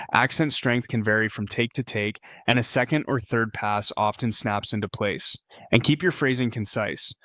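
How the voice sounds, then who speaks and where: A man giving a scripted tutorial voice-over, explaining steps in a steady, explicit way. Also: fairly low pitch, no echo. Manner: steady, explicit step-by-step instruction. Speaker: tutorial narrator.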